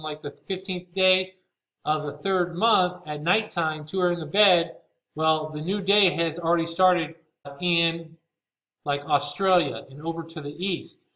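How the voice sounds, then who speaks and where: Male Bible study teacher with a high voice. Casual, reads scripture aloud and checks in often. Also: fairly bright tone, poor audio. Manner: explains casually, checks in with frequent "okay?"; reads scripture aloud in old-fashioned wording. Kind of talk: informal Bible study over slides.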